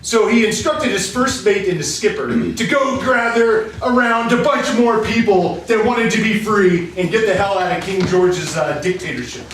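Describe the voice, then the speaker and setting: Playful high-voiced man narrating improv. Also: moderate pace, hardly any pauses, fairly bright tone, slight background noise. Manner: chuckling, playful. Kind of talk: improvised comic storytelling. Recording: echoey room from far off.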